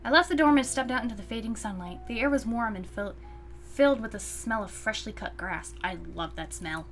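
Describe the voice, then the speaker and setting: A woman reads a visual novel aloud for her channel in a high, lively voice. Her reading is animated and expressive, with a bright, clear tone and faint music in the background. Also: a little fast. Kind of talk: reading game narration aloud.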